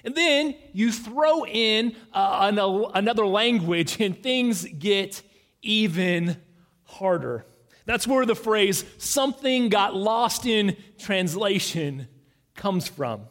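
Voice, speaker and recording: A man preaching as pastor, earnest and halting, with many fillers and restarts. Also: sits high, lively intonation, a bit bright. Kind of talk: sermon. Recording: long reverb in a large hall.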